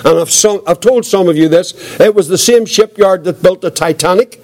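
An older man giving his testimony as a preacher, earnest and reflective, with a quiet voice. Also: high-pitched, normal speed. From Northern Ireland. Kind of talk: testimony sermon.

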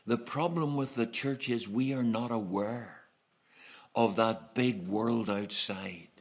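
A man with an Irish accent preaching a sermon, telling folksy, humorous stories from his travels. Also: medium pitch. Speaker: evangelist preacher. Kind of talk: storytelling sermon.

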